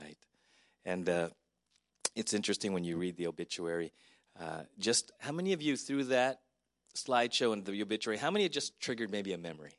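A man's voice: lowish voice, dry recording, clean studio sound. A middle-aged man, a pastor, giving a personal, conversational eulogy at a memorial service. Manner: conversational, warmly personal, with filler words.

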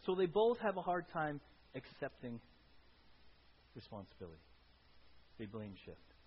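Guy preaching, kinda high voice, lively and chatty, keeps saying right?, dull lo-fi recording w faint hiss. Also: unhurried. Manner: animated, checks in with frequent "right?". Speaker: pastor. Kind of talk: conversational sermon.

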